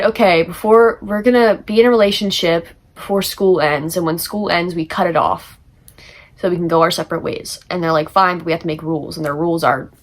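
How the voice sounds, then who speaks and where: A teenage girl giving a casual, chatty book summary for a class project, full of fillers and laughter. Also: lowish voice. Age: teens. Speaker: student.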